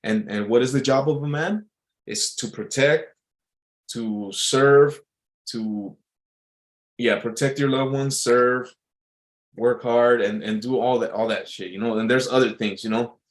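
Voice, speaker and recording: A man rambles through a casual monologue, stopping and restarting as he reads out quotes. His voice sits at an ordinary middle pitch. He circles back over the same words before moving on. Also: a little slow, poor audio. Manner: loose, repetitive, with frequent restarts and filler; reads out quotes and muses on them.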